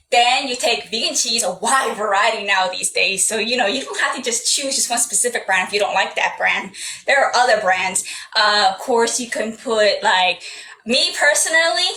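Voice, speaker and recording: A woman guest on a live stream who talks quickly and reads a text out loud. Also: on the high side, rough recording. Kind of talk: casual chat and reading aloud.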